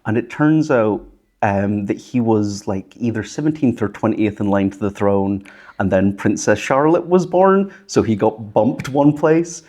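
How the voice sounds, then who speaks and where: A man's voice: fairly low pitch, unhurried, darkish tone. A Scottish man in his twenties, a comedian, telling rambling anecdotes full of fillers in casual chat. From Scottish Borders. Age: 20s. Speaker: comedian guest.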